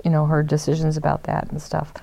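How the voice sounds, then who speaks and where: A woman leading a forgiveness workshop, talking gently and meandering with soft laughs as she guides the group. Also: low-pitched, completely flat delivery, fairly quick, gravelly, a little hiss or hum. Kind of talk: guiding a group session.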